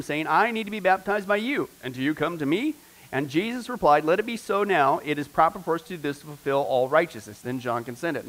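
A middle-aged man, a pastor, teaching a discipleship class in a lively, conversational way and asking the class questions. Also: a little high.

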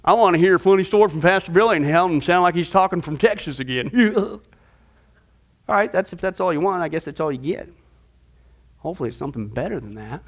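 A man's voice: high voice, expressive, fairly quick. A man teaching a Bible discipleship class as pastor, firing off rhetorical questions with folksy asides.

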